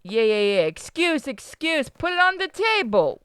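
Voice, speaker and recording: Streamer playing a rude brooklyn boss guy, loud and pushy, voice jumps up high. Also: big pitch swings, unhurried, dry recording, exaggerated voice. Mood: gruff, menacing. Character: brash Brooklyn mob-style boss, adult man.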